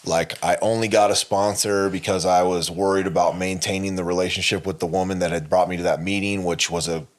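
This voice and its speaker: Speaking fairly quickly with few pauses, a man co-hosting a podcast shares a candid personal story in a low voice with little pitch movement. He rambles, using many fillers and restarts and frequent swearing.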